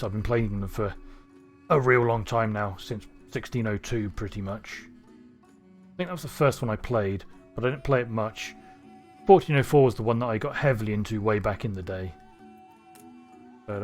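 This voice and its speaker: A man from Cornwall with a neutral English accent, rambling and thinking aloud through casual gameplay commentary. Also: on the low side. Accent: neutral southern English. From Cornwall, England. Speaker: streamer.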